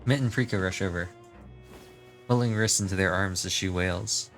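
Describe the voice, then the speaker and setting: Man, deep voice, reaction commentary, reads game narration aloud, casual musing. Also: normal speed, a bit bright, faint music behind.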